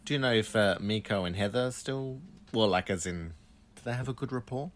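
A man on a relaxed film podcast who mostly backs up his co-host and chimes in with quick questions. His voice sits a little low. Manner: short agreeing replies and quick questions. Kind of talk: casual film podcast chat.

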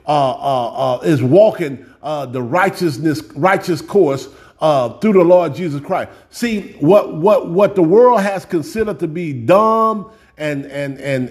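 A man's voice: sits high, husky. A man preaching a sermon in a folksy, direct way, often repeating words as he builds up a point.

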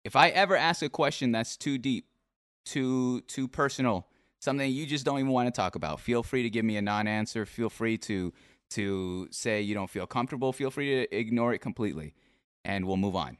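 A man's voice: medium pitch, brisk, clean tone, dry recording, clean studio sound. A man in his twenties hosting a livestream interview, talking in an earnest, reassuring way. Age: 20s. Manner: earnest, reassuring, repeats "all right?". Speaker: interview host.

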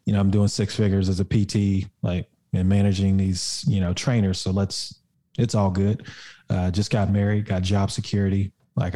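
Speaking as a guest on a podcast, a young fitness coach recounts something from his own life in a relaxed way. His voice sits fairly low and sounds mellow, and his speech is full of fillers with occasional cursing.

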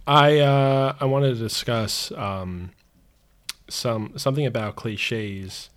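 Easygoing young male podcast host. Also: medium pitch. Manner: easygoing, rambling, quick to laugh. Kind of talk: casual chat.

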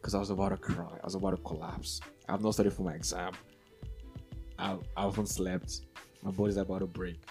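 A man's voice: low-pitched, little pitch movement, a little fast, darkish tone, soft background music. A man co-hosting a casual podcast among friends, telling a story in an earnest, rambling way with many restarts. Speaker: podcast co-host.

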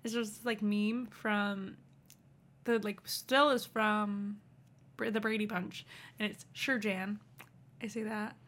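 A woman's voice: medium pitch, flat delivery, slow, fairly bright tone. A young woman co-hosting a podcast, chatting in an easygoing, giggly and somewhat hesitant way. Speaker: podcast co-host. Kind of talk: casual chat.

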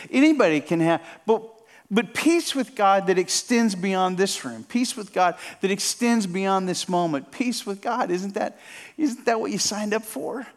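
High-voiced man preaching earnestly. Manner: earnest, repeats phrases, rising and falling intensity. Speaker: pastor. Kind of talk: sermon. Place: church sanctuary.

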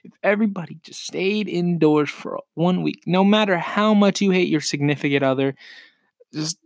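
A man's voice: high voice, normal speed, gravelly, dry recording, clean studio sound. A man co-hosting a casual podcast, rambling and swearing freely as he jokes, laughs at himself and keeps burping between sentences. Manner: loose, profane, jokey, laughs at himself. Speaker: podcast co-host. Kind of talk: casual rambling chat, reading posts aloud.

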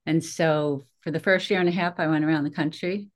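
A woman in her fifties, a guest on a podcast, telling her story in a lively, chatty way with frequent laughs. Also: sits low, a little fast. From Philadelphia area. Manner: animated storyteller, laughs often, acts out her own quotes. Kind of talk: casual conversational interview.

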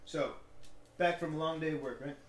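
A man's voice: on the high side, fairly even intonation, a little fast. A young man co-hosting a casual podcast, playful and teasing, spinning silly made-up scenarios. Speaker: podcast co-host. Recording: roomy echo, faint noise.

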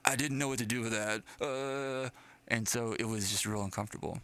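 A man's voice: medium pitch, steady tone, a little fast, sharp tone, clean tone. A man in a casual podcast chat, self-deprecating and a little hesitant, often laughing at himself. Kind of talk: casual conversation.

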